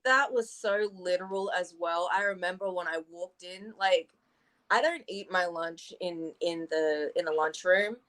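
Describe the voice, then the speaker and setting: A woman's voice: lowish voice, unhurried, a bit bright, low-quality recording. A woman poet at an open mic, reading spoken word and then telling stories, acting out her own reactions. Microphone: live-stream call.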